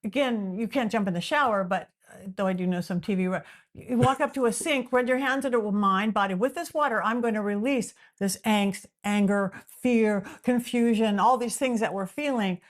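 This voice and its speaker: With a mid-range voice and normal pace, a middle-aged Southern Californian woman talks as a psychic medium guest on a podcast. She's animated and casual, frequently restarting what she's saying.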